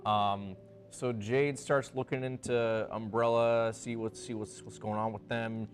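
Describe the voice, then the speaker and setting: A man's voice: lowish voice, little pitch movement, a little slow, faint music behind. A man co-hosting a casual review chat, chatty and playing out characters' lines while recapping. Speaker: podcast co-host.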